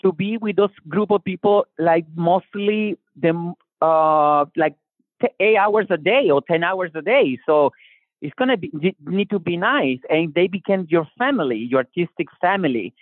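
A man with a Latin American Spanish accent and Spanish as his first language, talking about his music in a casual interview. He is animated, restarts his sentences often and acts out quotes. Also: sits high, moderate pace, no echo. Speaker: singer-songwriter guest. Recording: tinny phone-line call.

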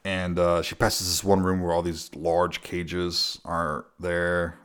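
Deep-voiced male podcast co-host, laid-back movie recap, easy chuckles. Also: level tone, slow pace, a bit bright, clean tone. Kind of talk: casual film recap chat.

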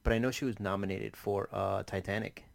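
A man's voice: lowish voice, fairly even intonation, fairly quick, vocal fry, no room sound. A young man co-hosting a podcast, teasing and dry in casual chat. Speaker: podcast co-host.

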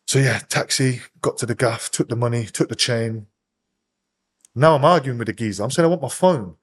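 A man from England in his thirties, a podcast guest telling a rough story fast, swearing constantly and acting out other people's lines. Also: medium pitch. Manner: swears constantly, rapid animated storytelling, acts out voices. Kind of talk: casual storytelling interview.

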